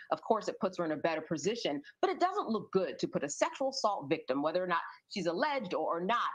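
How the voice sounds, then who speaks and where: A woman giving casual commentary, reasoning her point through in a measured way. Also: on the low side, low-quality recording.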